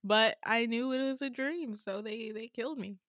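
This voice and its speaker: A young woman co-hosting a podcast, telling a story in casual chat, animated and laughing often as she acts out quotes. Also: fairly high pitch, moderate pace, no echo, studio quality. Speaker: podcast co-host.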